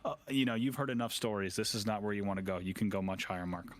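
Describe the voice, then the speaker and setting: A man's voice: on the low side, fast talker. A man giving wordy match analysis as an esports commentator. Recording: broadcast with music behind.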